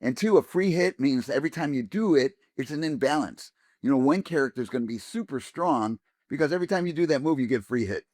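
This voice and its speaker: A man telling an anecdote as an interview guest, animated and casual, with many fillers and restarts. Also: mid-range voice, quick pace, hardly any pauses, no room sound, clean studio sound. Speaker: interview guest, game actor.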